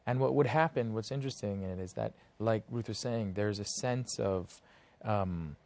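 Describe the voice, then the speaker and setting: An American actor guest chats casually in an interview, thoughtful and searching for words with many fillers. His voice is lowish and a little mellow, at normal speed, with no room sound.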